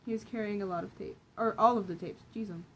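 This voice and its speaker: A young woman reads one of her old stories out loud in a relaxed, offhand way, stumbling and fixing words as she goes. Her voice sits at an ordinary middle pitch. A faint hiss runs underneath. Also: fast talker, rough recording. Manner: self-correcting, laughs at her own writing. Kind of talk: casual reading aloud of a story.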